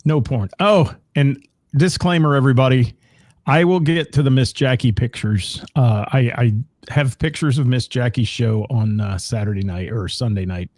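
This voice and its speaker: A man's voice: medium pitch, normal speed, a little mellow, no echo, studio quality. A middle-aged man from Ohio, co-hosting a casual live-streamed chat from home and greeting viewers by name. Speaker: co-host of a live-streamed talk show.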